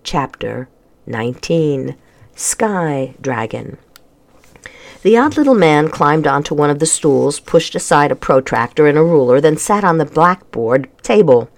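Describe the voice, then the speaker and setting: An audiobook narrator reading a children's novel in an even, measured way. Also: mid-range voice. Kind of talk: scripted narration.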